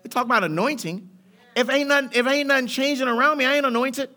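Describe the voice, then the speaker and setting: High, bright-voiced preaching man. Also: quick pace. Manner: preaching with rising fervor, colloquial and rhythmic. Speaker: pastor. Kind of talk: sermon. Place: church sanctuary.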